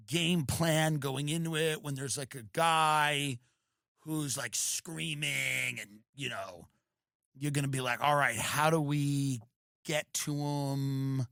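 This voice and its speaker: A man's voice: fairly high pitch, a bit bright, no echo, clean studio sound. A man hosting a comedy podcast, riffing sarcastically and acting out mocking voices.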